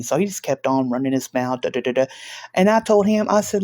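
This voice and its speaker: A woman vlogger telling a story in a casual, emphatic, animated way, with frequent restarts. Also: extremely low pitch, brisk.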